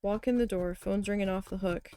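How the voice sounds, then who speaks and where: A woman who vlogs about crafting tells blunt, heavily profane stories in a casual chat as she needle felts. She speaks fairly quickly in a mid-range, mellow voice with fairly even intonation and a clean tone.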